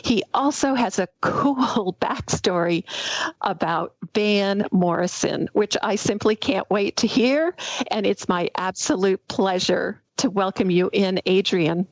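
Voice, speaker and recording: Slow-talking woman podcast host. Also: medium pitch, no room sound, dull audio. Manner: slow, warm and enthusiastic. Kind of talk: interview hosting, scripted intro.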